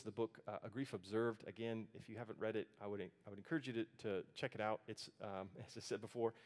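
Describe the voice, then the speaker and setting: A man preaching a sermon, speaking earnestly and conversationally and often restarting his phrases. His voice sits at an ordinary middle pitch. It rings out with a long reverb, as in a church sanctuary. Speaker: pastor.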